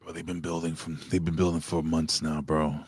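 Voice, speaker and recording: A man's voice: extremely low pitch, brisk, slightly rough, no echo. A man hosting a casual wrestling review show, joking and slipping into announcer-style hype. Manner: animated, announcer-style shouting bits. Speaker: show host.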